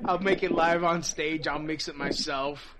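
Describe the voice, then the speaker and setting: A man's voice: fairly high pitch, fairly even intonation, measured pace, a loud crowd. A man hosting a podcast, profane and brash, rambling through crude comedic banter. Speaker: podcast host. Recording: noisy podcast recording.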